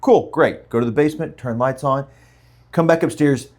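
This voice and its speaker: A podcast host, a man with a medium-pitched voice and moderate pace, tells a story during a casual chat. He's an animated storyteller who brings quotes to life by acting them out.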